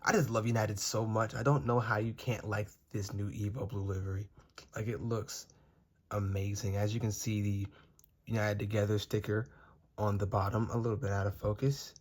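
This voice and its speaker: A man's voice: fairly low pitch, little pitch movement, normal speed, a little mellow. A young man gushing over model airplanes as he unboxes and reviews them, in a casual, rambling way. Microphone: phone.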